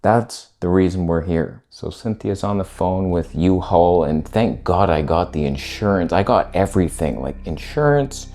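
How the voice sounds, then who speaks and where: A man telling a story on his vlog, his pitch swinging widely as he goes. His tone is warm and mellow rather than bright. He talks in laid-back slang and swears now and then. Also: moderate pace, hardly any pauses. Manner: animated retelling that acts out quoted voices. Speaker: vlogger.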